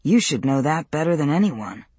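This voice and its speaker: A reader putting on a sneering teenage bully. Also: male voice, on the high side, big pitch swings, moderate pace, a little mellow, husky, no room sound. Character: teen boy bully, sneering and cruel.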